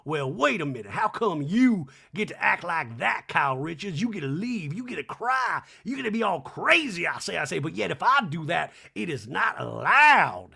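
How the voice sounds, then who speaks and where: A man's voice: high-pitched, very animated, normal speed, gravelly, few pauses, bright, forceful tone, slightly rough, heavily acted. Man doing a prim, indignant woman.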